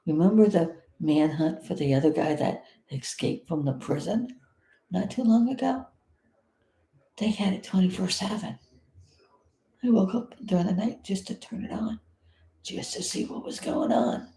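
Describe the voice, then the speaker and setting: A woman's voice: lowish voice, moderate pace, creaky, mellow, echoey room. A woman from South Florida giving blunt, indignant live commentary as a vlogger, swearing freely.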